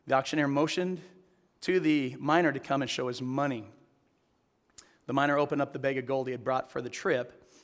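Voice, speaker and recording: A man's voice: mid-range voice, steady tone, brisk, pauses often. A man preaching a sermon to a live audience, telling a story and then asking the audience earnest direct questions. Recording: long hall reverb.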